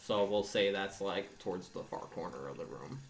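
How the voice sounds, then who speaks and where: A man narrating as game master of a tabletop game, unhurried and pausing with ums. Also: sits low.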